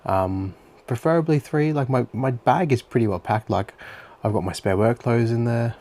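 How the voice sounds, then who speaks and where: A man's voice: mid-range voice, moderate pace, darkish tone. A young Australian man talking through his day in a chatty, rambling diary-style monologue full of fillers. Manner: rambling and chatty, with many fillers and some swearing. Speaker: vlogger.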